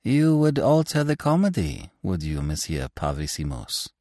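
A man voicing a sharp-tongued young actress full of sleek sarcasm. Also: lowish voice, big pitch swings, moderate pace, dry recording, clean studio sound, pitched above the performer's own voice. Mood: sarcastic.

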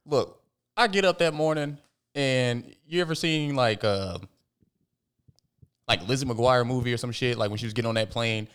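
A man, co-hosting a casual podcast chat, telling loose, profane, animated stories. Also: medium pitch, normal speed, long pauses, smooth. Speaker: podcast co-host.

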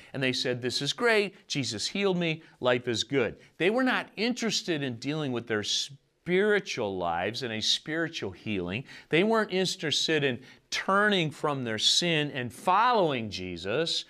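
A man's voice: mid-range voice, very animated, moderate pace, few pauses, sharp tone. A man preaching a sermon in a conversational, storytelling way, acting out the quoted voices.

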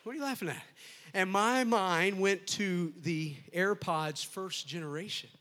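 A man preaching at a youth camp, moving between fiery shouted calls to the crowd and relaxed, joking stories. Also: sits high, a little slow. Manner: relaxed storytelling with jokes. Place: youth camp meeting room.

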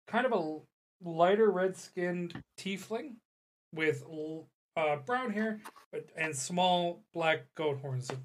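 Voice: medium pitch, slight background noise. Rambling, laughing game master. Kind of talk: narrating a tabletop game.

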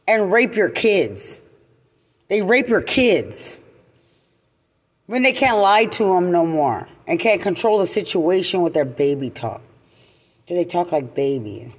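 A woman veteran in an angry, profane rant, repeating accusations and at times breaking into shouts. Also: lowish voice, breathy edge. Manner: furious, swearing, repetitive accusations, shouting at times. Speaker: military veteran. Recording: long echoing reverb.

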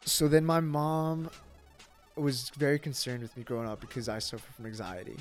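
A man, a podcast guest, telling a personal story in casual talk, animated, with lots of fillers and swearing. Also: medium pitch, normal speed, faint music behind.

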